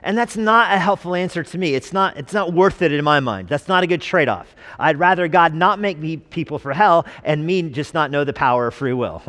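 A man's voice: a little high, lively intonation, a little fast, a bit bright. Man preaching in a reverberant church. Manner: conversational preaching with jokes and rhetorical questions. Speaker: pastor. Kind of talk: sermon.

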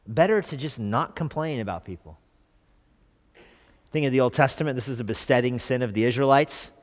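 A man's voice: medium pitch, a little fast. Man preaching a conversational sermon in a reverberant church. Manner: conversational, asks the congregation questions. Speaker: pastor.

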